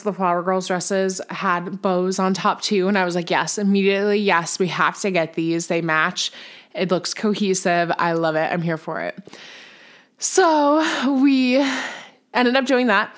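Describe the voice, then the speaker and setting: A young woman hosting a podcast, chatting casually and bubbly, with lots of "like". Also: mid-range voice. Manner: bubbly, chatty, says "like" a lot. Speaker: podcast host. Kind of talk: casual chat.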